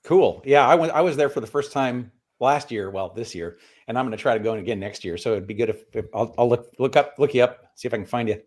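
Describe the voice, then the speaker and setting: A man talks quickly in casual livestream chat. He rambles and restarts his sentences. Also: medium pitch.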